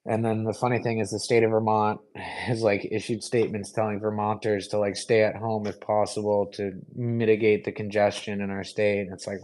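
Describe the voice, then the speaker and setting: A man's voice: on the low side, little pitch movement, fairly quick, a little mellow, low-quality recording. A young man hosting a live stream, answering viewer questions in an easygoing, rambling way full of fillers. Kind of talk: casual live Q&A chat.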